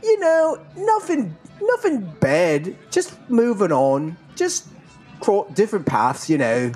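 A man voicing a gruff, cheeky British toad who wears a bowler hat. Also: high-pitched, big pitch swings, takes it slowly, a little mellow, faint music behind, pitched above the performer's own voice, exaggerated voice.

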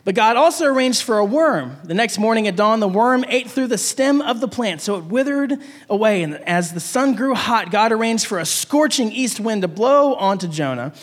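A man with a fairly high voice preaches and reads scripture to his congregation, now and then stumbling and repeating himself. His voice carries a long reverb from the church hall around him. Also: animated, moderate pace. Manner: stumbling, repeats words while reading aloud. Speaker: pastor. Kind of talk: sermon with scripture reading.

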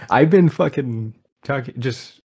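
A young man co-hosting a podcast in casual chat, excitable and swearing heavily. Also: mid-range voice, measured pace, husky. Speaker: podcast co-host.

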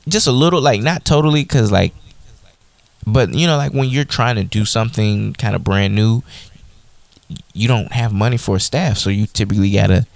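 A man's voice: on the low side, moderate pace, vocal fry, no room sound. A man co-hosting a podcast, recapping an episode in an easygoing way and hedging with fillers. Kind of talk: casual chat.

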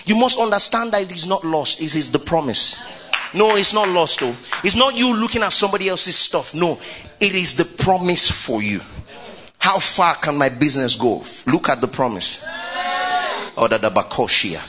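A man preaching a lively sermon, calling out to the congregation, shouting and laughing as he goes. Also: high voice. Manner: exuberant preaching, shouting and laughing, call and response. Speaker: pastor.

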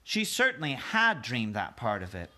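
A man, a teacher, reading a chapter book aloud to his class and pausing to explain hard words for children. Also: medium pitch, huge pitch swings, bright, forceful tone.

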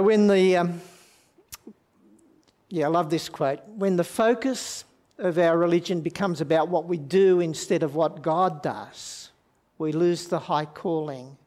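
A man gives a sermon at an unhurried pace. He often stops and repeats words while he gathers his thoughts. He speaks reflectively and puts questions to his listeners. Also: fairly high pitch, a little mellow. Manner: halting, with many restarts and fillers; reflective, asks the audience questions. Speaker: preacher.

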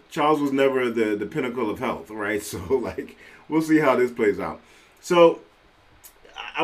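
Man from Trinidad, podcast host, animated, conversational, mid-pitched voice. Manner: animated, conversational, often laughing. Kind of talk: casual solo commentary. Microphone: podcast microphone.

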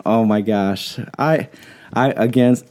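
A man on a podcast chatting casually, telling animated stories and often breaking into laughter. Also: lowish voice, takes it slowly. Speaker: podcast co-host.

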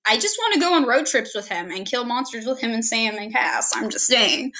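Young woman, rambling casual intro, giggly, bright, slightly high voice. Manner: rambling, giggly, self-deprecating. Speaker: vlogger introducing herself.

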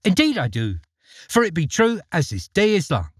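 A man's voice: high-pitched, wildly swooping pitch, normal speed, breathy edge, no room sound, clean studio sound, pitched above the performer's own voice, full character voice. A man voicing a sly old man who coaxes a boy into a trade with old-fashioned country talk in a storybook reading. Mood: coaxing. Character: sly, wheedling old man peddling beans.

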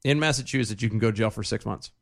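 A man's voice: fairly low pitch, racing, creaky. A man co-hosting a casual podcast, earnest and emphatic, often repeating words as he builds his point. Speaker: podcast co-host. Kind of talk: casual chat.

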